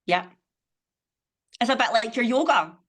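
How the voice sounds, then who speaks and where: A woman's voice: on the high side, expressive, measured pace, a bit bright. A middle-aged woman, speaking as a podcast guest in casual conversation, emphatic and motivational, swearing freely. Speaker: podcast guest, business owner.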